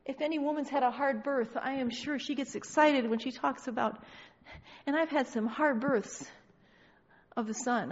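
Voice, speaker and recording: A woman sharing with her church congregation, talking fervently, repeating phrases and stammering. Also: high voice. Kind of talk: impassioned spontaneous exhortation. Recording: dull, echoey hall recording.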